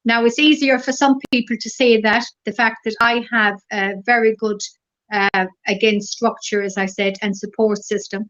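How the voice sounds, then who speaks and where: A middle-aged woman with an Irish accent, a guest in a casual interview, telling stories gently and rambling through lots of fillers. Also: on the high side, little pitch movement, moderate pace. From Ireland. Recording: dull lo-fi recording.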